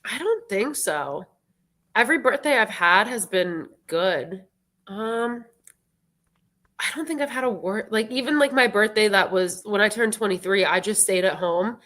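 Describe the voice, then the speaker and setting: A woman's voice: medium pitch, animated, measured pace, fairly bright tone. Chatty twentysomething woman saying "like". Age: 20s. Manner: chatty, full of "like" fillers. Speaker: guest musician. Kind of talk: casual birthday chat.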